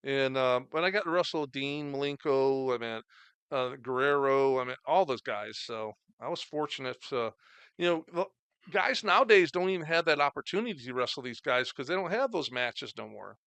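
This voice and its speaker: A man's voice: mid-range voice, normal speed, a bit bright, clear, resonant tone, no echo. A middle-aged man, a guest chatting casually and rambling with many fillers about his wrestling days. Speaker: podcast guest, former wrestler. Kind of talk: casual storytelling chat.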